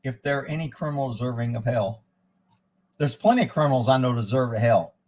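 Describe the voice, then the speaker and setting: A man's voice: medium pitch, expressive, brisk, a little mellow. A man hosting a casual live stream, ranting sarcastically and muttering as he reads aloud and answers chat. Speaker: livestream host.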